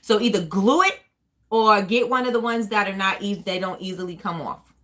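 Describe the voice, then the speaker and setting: Chatty woman with a bright voice. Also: mid-range voice, moderate pace. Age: adult with a child. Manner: chatty, rambling, many fillers and restarts. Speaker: host of a small business live chat. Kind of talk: casual live chat answering viewer questions.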